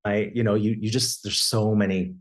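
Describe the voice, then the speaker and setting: A man's voice: fairly low pitch, normal speed. A man in his thirties from Canada, telling his story as a podcast guest, with lots of restarts and acted quotes of his family. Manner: animated, quotes family in raised voice. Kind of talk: conversational storytelling.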